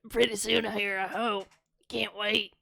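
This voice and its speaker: Casting: a woman playing a chummy young dock guy, pally calls, mid pitch, dry close sound. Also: little pitch movement, a little slow, vocal fry, bright, forceful tone, dry recording, heavily acted. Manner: breezy, buddy-buddy calls. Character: chummy young man at the docks, overly friendly.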